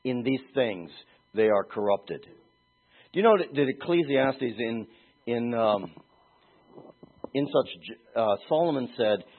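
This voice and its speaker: A man preaching a sermon in an animated way, moving between quiet asides and shouted emphasis, with a husky voice. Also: mid-range voice, slow pace, long pauses. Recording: tinny phone-like sound.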